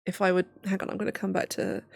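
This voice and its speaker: In a gravelly, monotone, mid-range voice, a young woman speaks fast on her livestream, near tears and laughing nervously as she thinks aloud. She's a PhD student, and the sound is clean studio audio with no echo.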